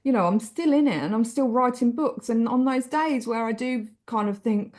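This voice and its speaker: An English woman with a fairly high-pitched voice, talking through her memories in a loose, chatty way. Expressive and quick to restart her sentences, a guest in a relaxed interview. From England. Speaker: author guest. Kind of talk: casual interview storytelling.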